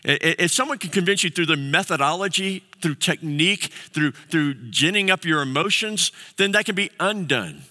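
A male pastor preaching a sermon in a conversational, halting way, with many fillers and restarts. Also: a little high, lively intonation, pushed and bright. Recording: long hall reverb.

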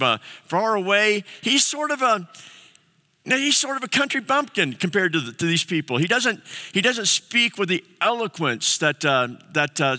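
A man's voice: high voice, bright, forceful tone. Man preaching in a reverberant hall. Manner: conversational, many fillers and restarts. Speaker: pastor. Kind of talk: sermon.

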